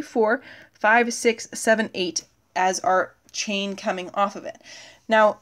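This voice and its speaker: Woman chemistry teacher, talking while she writes, filler words, relaxed lesson pace. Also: mid-range voice. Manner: talks while writing on the board, filling pauses with "okay" and "uh". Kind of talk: recorded video lesson.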